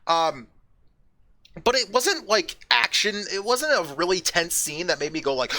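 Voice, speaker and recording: A man streaming a game, chatting casually in a rambling, profane way with excited outbursts. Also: sits high, moderate pace. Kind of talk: casual chat while gaming.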